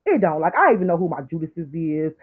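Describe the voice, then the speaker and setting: A woman talks on a live stream, sliding between low, confiding asides and high, tearful pleading. Her voice is thin and tinny, as if heard over a phone line. She sounds like a commentator sermonizing to her viewers. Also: big pitch swings, fast talker, husky. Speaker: online commentator. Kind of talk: emotional live-stream talk.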